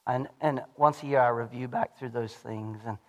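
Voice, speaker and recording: A pastor preaching a sermon in a church, animated and swinging between shouting and hushed lows. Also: male voice, normal speed, muffled recording. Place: church sanctuary. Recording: long hall reverb.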